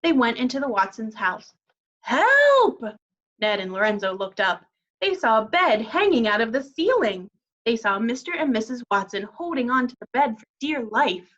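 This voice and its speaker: A woman teacher reading a children's story aloud in a clear, expressive way. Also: on the high side, moderate pace. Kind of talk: children's read-aloud narration. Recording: dull lo-fi recording.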